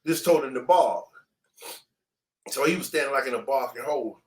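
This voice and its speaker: A man's voice: medium pitch, normal speed. A man telling a story as an interview guest in casual, slangy talk, acting out the sounds. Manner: animated, slangy, acts out sounds.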